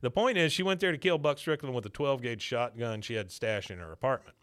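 A man voicing a stoic male Texas Ranger who lays out a case in a slow, formal manner. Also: mid-range voice, fairly bright tone, natural voice. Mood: laying out case.

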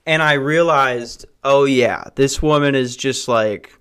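A man's voice: mid-range voice, slow pace, fairly bright tone, clean tone. A young man hosting a podcast, rambling through casual, profane, jokey stories. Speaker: podcast host.

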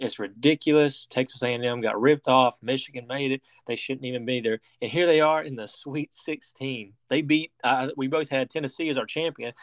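A man's voice: medium pitch, no room sound. A man hosting a sports podcast, leading the topics in casual sports talk with a rambling, restart-heavy delivery. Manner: rambling, many restarts and fillers. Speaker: podcast host.

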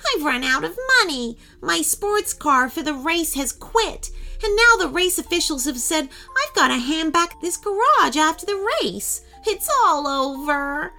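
A small yellow roadster from a children's storybook, a female car who is tearful and upset, as a woman narrator puts her on. Her voice sits a little high and rises and falls a lot. She talks slowly. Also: expressive, soft background music, exaggerated voice. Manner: sobbing, upset.

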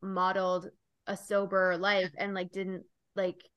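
A woman guest speaks gently on a podcast, feeling her way through each thought with "like" and small pauses. Her voice is smooth and resonant at a middle pitch. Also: monotone. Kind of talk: casual podcast chat.

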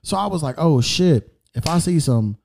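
A man recounting a run-in in loose, profanity-laced storytelling. His voice sits a bit high yet sounds dark and mellow. He slips into the quoted lines with heat and keeps the telling animated. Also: moderate pace, gravelly. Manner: heated, profane, animated retelling with quoted dialogue.

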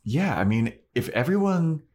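A man's voice: a little high, normal speed. A man hosting a podcast, casually and animatedly recapping an episode. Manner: animated storyteller. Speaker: podcast host. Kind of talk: casual chat recapping a show.

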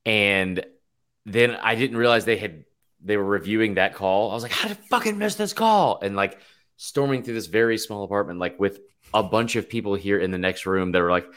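A man co-hosting a casual sports podcast, animated and loose, swearing freely. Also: lowish voice, brisk, clear, resonant tone. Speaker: podcast co-host.

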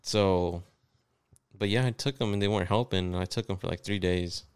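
A man's voice: low-pitched, moderate pace, smooth. A young man in casual podcast chat, laid back and profane, telling stories.

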